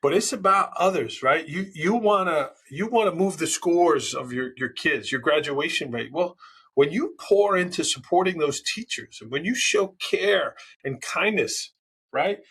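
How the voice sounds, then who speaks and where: A middle-aged man from New York, a school leader telling stories as a podcast guest in a loud, passionate way. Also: fairly high pitch, a little slow, slightly rough. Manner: passionate, loud storyteller who acts out quotes. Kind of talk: casual interview talk.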